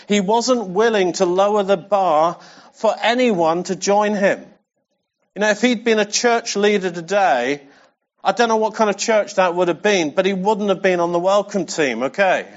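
A male preacher with a high voice delivers a sermon in a casual, conversational style. He talks straight to his listeners and drives points home by repeating them. The recording is muffled and lo-fi. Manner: conversational, speaks directly to the congregation; emphatic, repeats key phrases. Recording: dull lo-fi sound.

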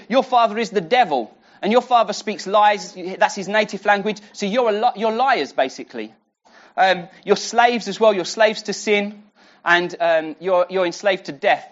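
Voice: medium pitch, a bit bright. Conversational preacher on a dull lo-fi recording. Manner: conversational, with frequent restarts and rhetorical questions. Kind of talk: sermon teaching a Bible passage.

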